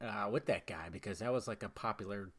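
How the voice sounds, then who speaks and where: A young man hosting his own podcast, chatting casually, swearing freely and swinging between loud outbursts and mumbled asides. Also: fairly low pitch, fairly quick. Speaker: podcast host. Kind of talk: casual solo podcast chat.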